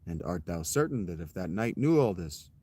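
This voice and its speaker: A man's voice: low voice, sing-song, moderate pace, dark tone, slightly rough, voice pushed down, full character voice. A man reading the formal, old-fashioned lines of a fearless knight in a legend. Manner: archaic courtly speech.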